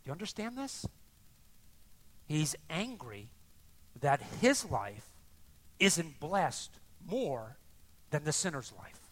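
Older male pastor, conversational sermon, high and bright voice. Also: slow, pauses often. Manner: animated, conversational, acts out voices.

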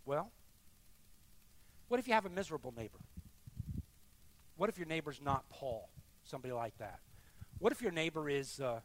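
A man preaching a sermon as pastor in a church, swinging from quiet murmurs to loud emphatic bursts and leading the congregation in prayer. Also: a little high, big pitch swings, moderate pace, long pauses, no echo. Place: church sanctuary.

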